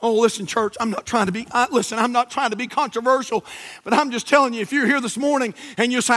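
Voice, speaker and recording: A middle-aged male pastor preaching a sermon, swinging from shouts to near whispers. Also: very high-pitched, fairly even intonation, quick pace. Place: church sanctuary.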